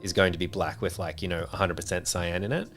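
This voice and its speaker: A man's voice: low voice, steady tone, fast, fairly bright tone, soft background music. A man hosting a design livestream, telling rambling stories with lots of fillers in casual chat. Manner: rambling storyteller, many fillers. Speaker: livestream host.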